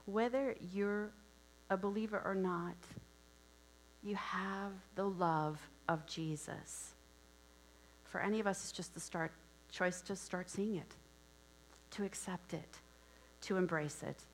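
A woman's voice: mid-range voice, a little slow, a little hiss or hum, poor audio. A woman from Wisconsin giving a sermon, telling a story conversationally with asides and questions to listeners. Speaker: preacher.

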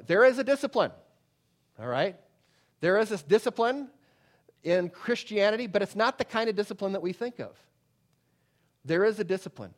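A middle-aged male pastor with a high voice preaches a sermon, swinging between loud, emphatic declarations and hushed, soft pleading.

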